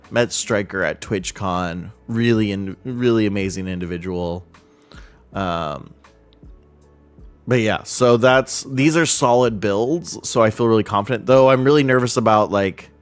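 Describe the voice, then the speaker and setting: Man, 30s, streamer; low-ish, unhurried, sincere, halting delivery over faint background music. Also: clean tone. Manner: heartfelt, halting, many restarts and fillers. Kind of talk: casual live-stream chat.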